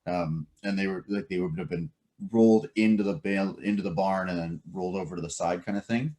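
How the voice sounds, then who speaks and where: A man's voice: deep voice, fairly even intonation, brisk, mellow. A man running a tabletop game as game master, explaining the scene at length with many fillers and restarts.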